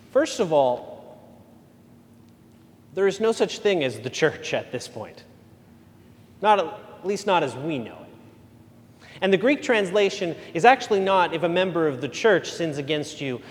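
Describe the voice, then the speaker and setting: Male pastor, slightly high voice, casual storytelling sermon with ums, long church reverb. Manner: conversational storytelling with fillers.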